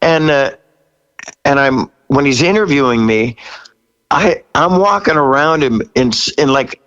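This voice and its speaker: Animated and a little slow, this sixty-something rock singer relates a story as an interview guest in a casual setting, his tone fairly bright. He laughs often and climbs high when quoting himself, though the recording is muffled.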